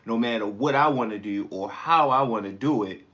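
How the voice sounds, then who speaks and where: A man's voice: mid-range voice, a little fast, a bit bright, dull audio. A man hosting a casual live stream, eating while he talks back to comments in a rambling, blunt way. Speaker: livestream host.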